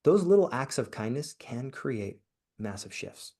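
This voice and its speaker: A man's voice: medium pitch, expressive, measured pace, darkish tone. A man guesting on a podcast, talking earnestly about kindness and business, often restarting and repeating words. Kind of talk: motivational interview talk.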